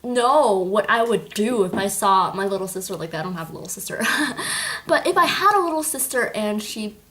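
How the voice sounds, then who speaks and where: A woman chatting casually in a book review vlog, gushing and animated as she recaps the story. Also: medium pitch, a little fast. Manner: animated, gushing, with acted-out quotes.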